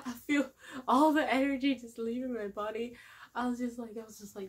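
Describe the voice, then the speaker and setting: A young woman, telling a personal story in a casual vlog, candid and animated, often laughing and acting out her own pleas. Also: fairly high pitch, a little fast, a little hiss or hum. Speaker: vlogger.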